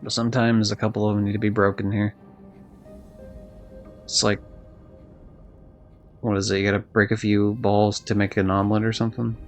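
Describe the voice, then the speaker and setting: A man's voice: on the low side, flat delivery, normal speed, long pauses, faint music behind. A man streaming a video game live, chatting loosely and rambling, swearing now and then. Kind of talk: casual live-stream chat while gaming.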